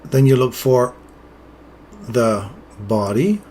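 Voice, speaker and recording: A man's voice: medium pitch, lively intonation, slow, dark tone. Guy streaming his trades, explaining the chart casually, bit of background hum. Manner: casual, chatty, explains while greeting chat viewers. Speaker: trading streamer. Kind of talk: live trading commentary.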